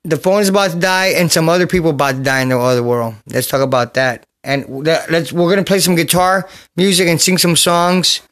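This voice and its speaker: A high-pitched man rambles through a loose, jokey podcast, recorded on a phone in a bedroom. He jumps from topic to topic and now and then breaks into a shout. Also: fairly even intonation, fairly quick, hardly any pauses. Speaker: podcast host. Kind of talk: rambling casual podcast chat. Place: a bedroom at home.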